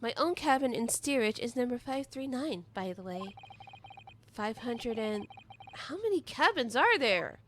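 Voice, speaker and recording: A woman's voice: a little high, big pitch swings, measured pace, a bit bright, a little hiss or hum. A young woman streaming a game playthrough, reading the dialogue aloud and breaking off for sarcastic, swearing asides. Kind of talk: game playthrough with commentary, reading all roles.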